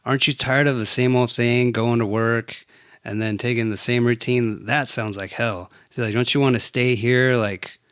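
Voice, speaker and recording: A man chatting loosely about a film he watched, peppering his talk with swearing and jumping into the characters' lines. His voice sits at an ordinary pitch. The sound is dry and close, with no room ring. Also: moderate pace, clear, resonant tone, no room sound. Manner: animated, profane, acts out scenes. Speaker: movie reviewer. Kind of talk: casual chat.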